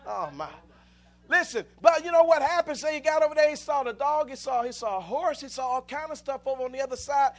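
A man's voice: very high voice, fast, few pauses. A man preaching a sermon, telling stories with many restarts and rising into fervent exclamations.

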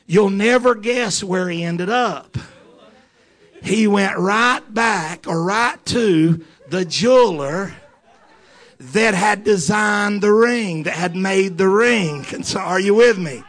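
A man preaching a sermon as a story, peppering it with amen and repeating lines as he builds to fervent shouts. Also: high voice, takes it slowly. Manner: punctuates phrases with amen.

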